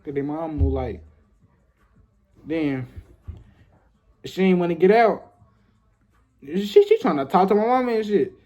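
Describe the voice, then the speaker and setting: A man's voice: high voice, big pitch swings, a little slow, pauses often, mellow, soft background music. A young man in his twenties telling a casual, rambling story full of repetition and profane slang.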